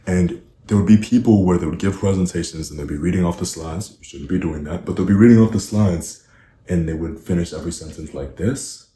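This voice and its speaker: Low, mellow-voiced man coaching, roomy sound. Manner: earnest, direct, asks the listener rhetorical questions. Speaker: speaking coach. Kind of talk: instructional advice talk. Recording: roomy echo, faint background noise.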